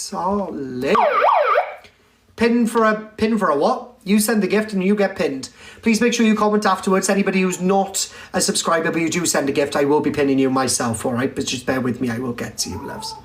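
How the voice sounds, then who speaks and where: A man's voice: high voice, fairly bright tone. A man hosting a casual live stream, chatty and cheeky, calling his viewers darling. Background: music.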